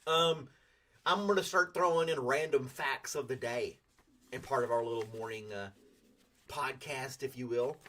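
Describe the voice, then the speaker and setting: A man's voice: medium pitch, moderate pace, fairly bright tone. Folksy Southern man hosting a morning chat. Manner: rambling, folksy, greets viewers by name. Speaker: host. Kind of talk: casual morning livestream chat.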